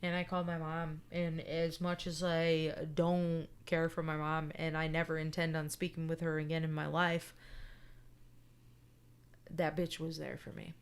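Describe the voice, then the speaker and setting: A woman's voice: low voice, monotone, measured pace, clear, resonant tone. A woman in casual podcast chat, telling a personal story bluntly, swearing often and checking in with "right?". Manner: emphatic and candid.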